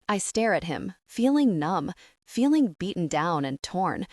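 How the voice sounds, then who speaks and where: A woman's voice: lowish voice, lively intonation, a little slow, no echo, studio quality. A woman narrating a first-person romance audiobook with emotional intensity.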